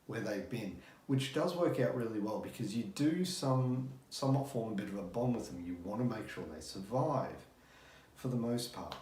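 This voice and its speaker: A man's voice: on the low side, expressive, moderate pace, darkish tone. Chatty man, echoey room. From Australia. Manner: chatty, loose, with frequent fillers and blunt swearing. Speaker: movie reviewer. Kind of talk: casual spoken review.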